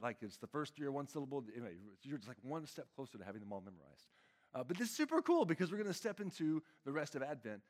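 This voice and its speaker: A young man, a pastor giving a casual, chatty sermon with lots of fillers. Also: lowish voice.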